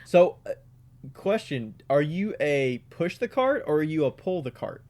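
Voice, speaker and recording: A man's voice: on the high side, sing-song, measured pace, a little mellow. Man co-hosting, dry short reactions. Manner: brief reactions, dry teasing. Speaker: podcast co-host. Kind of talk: casual chat.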